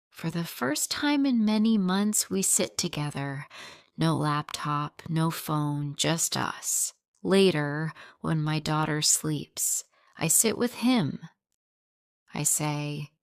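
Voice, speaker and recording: A woman reads a graded English story aloud at a very slow, even pace, in a smooth, clear, slightly low voice. The recording is dry and close, with no room sound at all. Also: no echo. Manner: slow, plain, evenly paced reading. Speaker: narrator.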